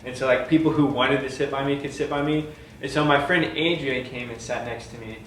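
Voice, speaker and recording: A man's voice: mid-range voice, fairly even intonation, fairly quick, a bit bright, distant mic. Rambling young American man, roomy room. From United States. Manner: rambling, fillers like "like", quotes himself. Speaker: vlogger telling how the couple met. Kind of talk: casual storytelling chat. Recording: roomy, from off mic, faint hum.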